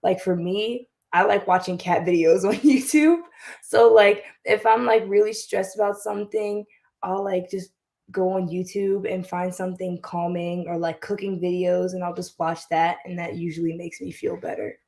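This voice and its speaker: A woman's voice: on the low side, steady tone, normal speed, darkish tone. A teenage girl on a panel, speaking hesitantly with many fillers. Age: teens. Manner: hesitant, lots of "like". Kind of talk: panel discussion.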